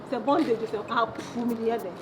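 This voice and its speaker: A woman's voice: on the high side, very noisy, close to an everyday voice. An actress with a Ghanaian accent playing a flashy young woman who laughs, teases and mixes Twi with English slang as she brags about luxury things. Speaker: actress in a Kumawood film. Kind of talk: dramatic film dialogue.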